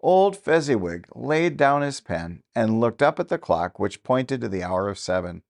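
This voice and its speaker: A man narrating a classic novel as an audiobook, with steady, even-paced storytelling. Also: mid-range voice, moderate pace, creaky.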